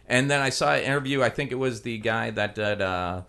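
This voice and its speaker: Bright, lively man for casual chat; tells anecdotes, voices quotes. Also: mid-range voice, a little fast, creaky, clean tone. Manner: animated storyteller, acts out quotes.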